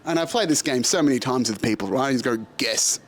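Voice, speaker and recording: A man's voice: medium pitch, animated, fairly quick, slight background noise. A young Australian man with a casual podcast manner, telling a story with a lot of swearing and frequent laughter. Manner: laughs often, profane, self-mocking. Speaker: podcast host.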